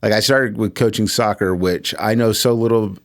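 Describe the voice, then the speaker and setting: A middle-aged man speaks as a guest in a casual podcast chat. He talks reflectively, often pausing with uh and um. His voice sits a little low. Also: steady tone. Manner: reflective, with many uh and um pauses.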